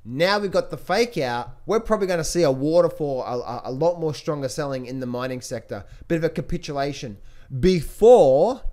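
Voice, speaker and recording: A man's voice: on the high side, warm tone. A man hosting a stock market commentary, emphatic and repetitive, often restarting his sentences and calling out to his viewers. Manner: emphatic, repeats phrases, keeps addressing viewers as traders and guys; restless with many restarts and fillers. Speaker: trading coach and channel host.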